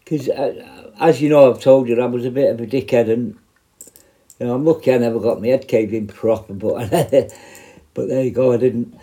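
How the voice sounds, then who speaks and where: A man's voice: mid-range voice, steady tone, moderate pace, warm tone. A man with a British accent, a former prison officer, telling a rambling, heavily profane anecdote in a blunt, casual way.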